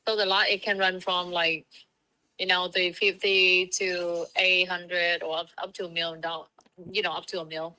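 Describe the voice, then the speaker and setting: Woman on a phone call, short matter-of-fact answers, bright sharp voice. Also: fairly low pitch, flat delivery, normal speed, clean tone, no echo. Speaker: home builder on a phone call. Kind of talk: casual phone conversation.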